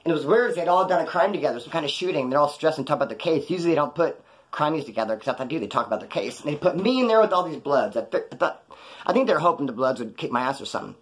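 A man tells a story from his past in a loose, slangy ramble, and his voice sits a little high. He talks quickly and jumps between threads. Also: animated. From California, USA. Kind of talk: casual storytelling on a live stream.

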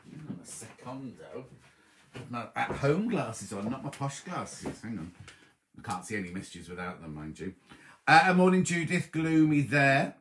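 A man hosting a casual live stream from home, chatting warmly and reading out viewers' comments, with a slight cough. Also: medium pitch, very animated, normal speed, noisy background. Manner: chatty, affectionate, reads viewers' comments aloud. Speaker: livestream host.

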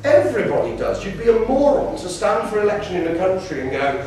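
A lively man lecturing students on debating, his voice fairly high and acting out little quotes along the way. He sits well back from the microphone in a very echoey hall. Faint room noise hangs behind him. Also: fast, few pauses. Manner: animated storyteller, acts out quotes. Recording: roomy hall from a distance.

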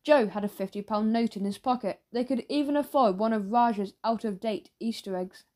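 A woman narrating a children's audiobook in a steady storytelling manner. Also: on the high side, normal speed, few pauses.

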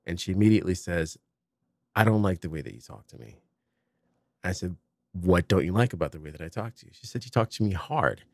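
A middle-aged man hosts a podcast in relaxed conversation, his low voice swinging widely as he acts out the people in his story. The sound is dry and close to the mic. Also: brisk, gravelly, dry recording. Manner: animated storytelling, acts out dialogue. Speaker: podcast host. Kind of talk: casual conversation.

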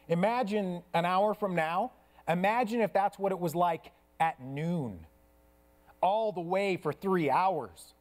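A man preaching a sermon as pastor in a church, earnest, swinging between hushed soft passages and raised intense ones. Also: sits high.

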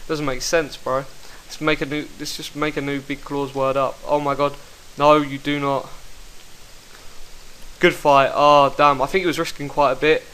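A young man commentating his own online game fights, excitable and quick to swear, talking into a headset mic. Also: a little high, slight background noise, low-quality recording. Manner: excitable, swears, bursts into shouts. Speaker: gaming commentator. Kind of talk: live gameplay commentary.

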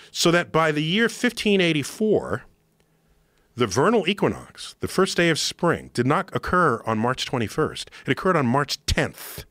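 A man explaining something to a podcast host in an emphatic, excitable lecturing manner. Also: medium pitch, dry recording. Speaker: podcast guest. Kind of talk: animated explanation in conversation. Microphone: studio podcast microphone.

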